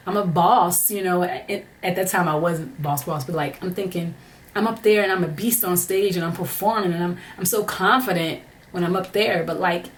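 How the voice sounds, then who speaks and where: A woman's voice: lowish voice, slight background noise. A young woman telling a candid personal story in a chatty, frank way, full of "like" fillers and restarts. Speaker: vlogger.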